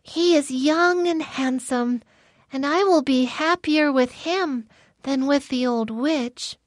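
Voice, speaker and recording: A woman voicing a gentle, naive young girl locked in a tower, read softly for a storybook. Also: high-pitched, takes it slowly, no echo, clean studio sound. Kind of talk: storybook reading.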